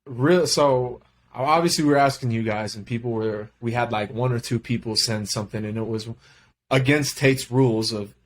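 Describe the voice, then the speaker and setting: A man's voice: mid-range voice, moderate pace, a little hiss or hum. Guy rambling on a sports podcast, medium voice, lots of "like"s. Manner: rambling, loose, many fillers and laughs. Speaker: podcast co-host. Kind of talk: casual sports chat.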